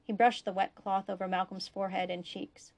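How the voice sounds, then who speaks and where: A woman narrating a science fiction story aloud in a steady, even way. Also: mid-range voice, brisk. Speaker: fan fiction reader.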